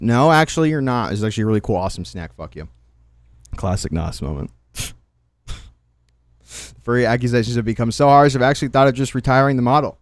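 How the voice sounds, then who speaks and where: A man's voice: medium pitch, fairly quick, long pauses, no room sound. A man hosting a livestream, ranting and joking in a casual, profane way. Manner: profane, animated, rambling rants. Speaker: livestream host. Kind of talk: casual stream commentary.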